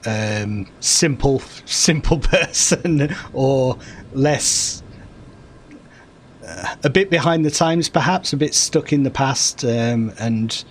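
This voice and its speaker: A gaming streamer from the north of England, with a Yorkshire-Lancashire accent, plays an online game while rambling and thinking aloud in wry, joking chat. He speaks slowly at medium pitch, over a little hiss or hum.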